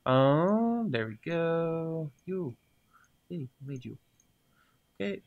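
A man's voice: mid-range voice, extremely slow, long pauses, darkish tone, dull audio. A man casually commenting as he plays a game, talking to the items and muttering to himself, then cheering when things work. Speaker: gaming video host. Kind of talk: casual let's-play commentary.

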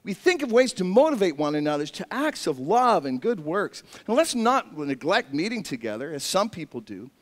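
Male pastor, sermon, high voice, long echo of a gym, animated storytelling, self-mocking humor. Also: normal speed, few pauses.

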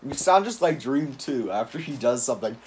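Teasing male gamer, lively pitch. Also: a little fast, a little hiss or hum. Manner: teasing, laughs often. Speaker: gaming YouTuber, speedrunner. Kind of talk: casual gaming banter. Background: background music.

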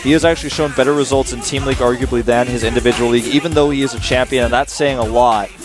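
A man commentating live esports as a caster, excitable and hyping up the viewers. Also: mid-range voice, racing. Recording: broadcast booth with loud game music. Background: game music.

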